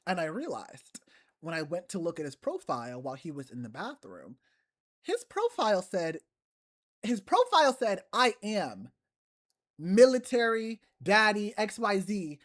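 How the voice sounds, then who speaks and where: Woman podcast co-host, mid-range voice, lively pitch, blunt and profane storyteller. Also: measured pace. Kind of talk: casual chat.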